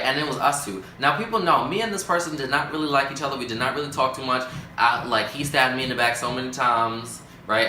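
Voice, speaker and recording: A young man telling a storytime vlog, dramatic and animated, acting out quotes with big jumps in pitch. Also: reverberant, a little hiss or hum, rough recording. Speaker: vlogger.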